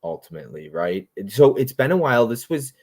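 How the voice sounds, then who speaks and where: A man hosting a casual livestream about movies, rambling and jokey, often breaking into loud impressions. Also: mid-range voice, very animated, fairly quick, no room sound. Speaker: host.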